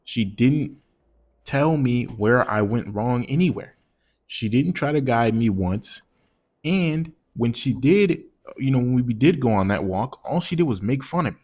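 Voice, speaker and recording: A man's voice: medium pitch, animated, unhurried, a little mellow, slightly rough. A man telling a personal story in a casual storytime monologue, slangy and profane, rambling and repeating words.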